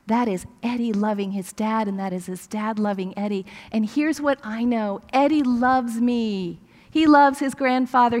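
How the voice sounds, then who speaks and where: Older woman preacher telling a story in a reverberant hall. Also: on the high side. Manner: animated storyteller acting out dialogue. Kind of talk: sermon storytelling.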